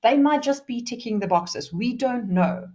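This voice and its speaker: A woman from South Africa giving a presentation skills workshop, fast and lively, deliberately shifting her pace and loudness. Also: fairly high pitch, lo-fi sound.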